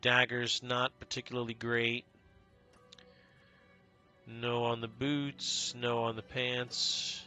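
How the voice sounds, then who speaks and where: Male streamer, sharp tense bright tone, excitable casual chat, faint game music under him. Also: medium pitch, takes it slowly, long pauses. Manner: talks to chat by name, excitable, swears casually. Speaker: live streamer.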